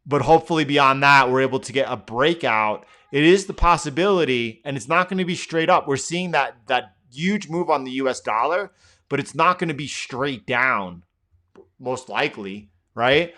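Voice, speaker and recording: A man's voice: medium pitch, moderate pace, pushed and bright. A middle-aged man hosting a live trading stream, thinking aloud through chart commentary with lots of fillers and restarts.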